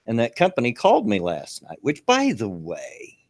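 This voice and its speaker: A man's voice: mid-range voice, wildly swooping pitch, moderate pace. An older man co-hosting a casual online radio chat, folksy and rambling with many fillers. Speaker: co-host.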